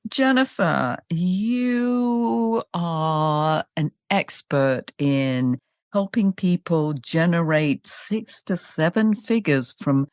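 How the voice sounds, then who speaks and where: A woman's voice: on the low side, expressive, extremely slow, darkish tone, dry recording, clean studio sound. A woman hosting a podcast interview, enthusiastic and polished. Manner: enthusiastic, scripted-sounding intro. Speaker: podcast host.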